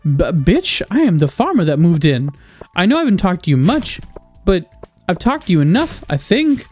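A young gaming video creator with a high, sing-song, slightly mellow voice gives casual let's-play commentary at a moderate pace, with faint music behind him. He rambles, swears a lot, and turns sarcastic, often cutting himself off mid-sentence.

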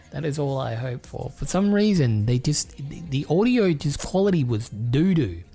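Australian male unboxer, young, lively up-and-down delivery, swears a lot, faint music underneath. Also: fairly high pitch, unhurried, husky. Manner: excitable, swears freely, rambling. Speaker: YouTuber. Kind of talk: casual card-unboxing chat.

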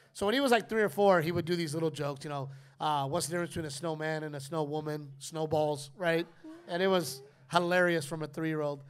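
A middle-aged man hosting a live podcast, telling stories in an animated, profane way. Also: fairly high pitch. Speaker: comedian podcast host. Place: live audience at a distillery.

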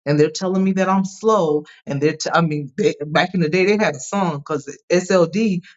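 A woman guest on a podcast, telling personal stories in an emphatic, animated way and often asking "right?" as she goes. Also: fairly low pitch, a little fast. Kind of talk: candid personal storytelling. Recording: dull lo-fi sound.

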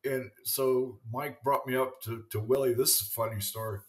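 As an interview guest, a seventy-something former baseball pitcher shares wandering stories full of "you know." He speaks in a mid-range voice with a steady tone and moderate pace.

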